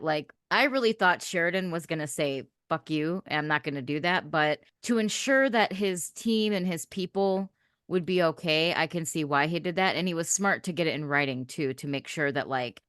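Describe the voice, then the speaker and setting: A woman on a podcast, chatting casually in a fairly low voice. She is blunt, a bit profane and quick to laugh. The sound is dry and close. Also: a bit bright, no room sound. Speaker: podcast co-host, newer viewer. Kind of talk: casual chat.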